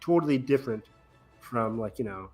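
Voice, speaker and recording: A man's voice: mid-range voice, lively intonation, normal speed, a little mellow, soft background music. A man co-hosting a podcast in casual chat, rambling enthusiastically and loosely, with plenty of fillers. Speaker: podcast co-host.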